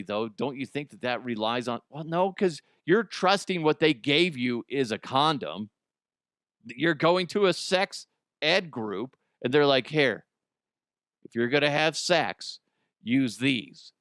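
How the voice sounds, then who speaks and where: A man from the United States hosts a comedy news show, rambling through stories with casual swearing and laughing at his own jokes. His voice is smooth and resonant in a mid register. The sound is dry and close, with no room echo. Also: medium pitch, a bit bright.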